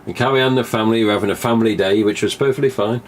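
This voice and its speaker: A man's voice: on the low side, racing, slight background noise. A man, hosting a live stream in a rambling, casual monologue, swearing freely and acting out remembered conversations. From England. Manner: chatty, swears casually, acts out remembered dialogue.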